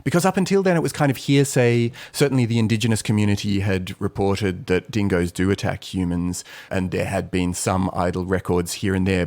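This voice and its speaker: A man with a fairly low voice talks through the history of a case on a podcast. He lays out his reasoning step by step in a measured, explanatory manner. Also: gravelly, a little mellow. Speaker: podcast co-host. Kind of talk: casual history podcast chat.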